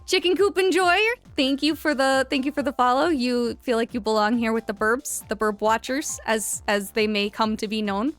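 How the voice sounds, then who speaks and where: A young woman on the high side of pitch talks at a moderate pace with few pauses, faint music audible behind her. She's live-streaming a game in casual chat, giggling while thanking followers and reading game lines.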